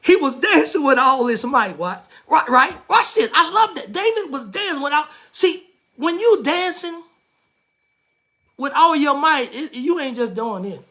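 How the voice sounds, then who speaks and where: A woman preaching a sermon as bishop, animated and emphatic, repeating phrases, asking herself questions and breaking into shouts. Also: high voice, measured pace. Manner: playful rhetorical questions answered aloud.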